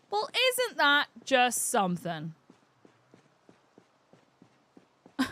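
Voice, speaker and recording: A young woman streaming a video game live, chatting and swearing with excitable, laughing reactions. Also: fairly high pitch, very slow, long pauses, dry recording. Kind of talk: live gameplay commentary.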